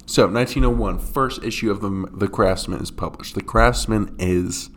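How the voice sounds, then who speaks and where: A man's voice: on the low side, normal speed, fairly bright tone, a little hiss or hum. A young man co-hosting a podcast, joking and laughing as he explains a topic in casual chat. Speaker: podcast co-host.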